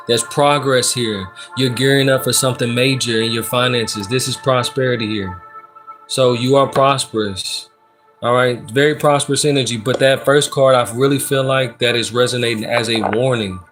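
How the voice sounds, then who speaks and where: Male tarot streamer, easygoing and slangy, medium pitch, chatting over steady background music. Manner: laid-back and slangy, reads out chat and gives shout-outs. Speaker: tarot reader and live streamer. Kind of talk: casual live-stream tarot reading.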